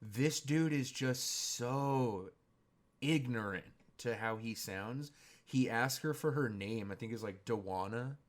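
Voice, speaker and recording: Young dude ranting through a funny story, cussing a lot, laughs between lines. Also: male voice, mid-range voice, slow. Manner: profane, laughing, rambling. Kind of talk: casual storytelling.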